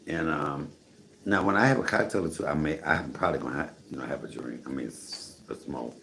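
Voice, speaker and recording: Very deep gravelly man in his fifties. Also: brisk, a little hiss or hum. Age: 50s. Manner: animated, repeats "come on, somebody". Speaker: vlogger. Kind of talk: casual chat to camera. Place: home apartment, indoors, cooking. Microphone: camera mic.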